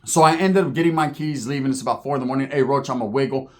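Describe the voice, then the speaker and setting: Animated, profane man telling a story. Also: medium pitch, quick pace. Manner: profane, animated, acts out quoted people. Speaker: storyteller guest. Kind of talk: casual storytelling.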